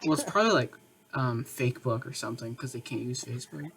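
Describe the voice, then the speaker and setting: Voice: medium pitch, animated, fast talker, a bit bright, slight background noise, rough recording. A podcast co-host in casual chat, sarcastic and jokey, often mocking other people's voices.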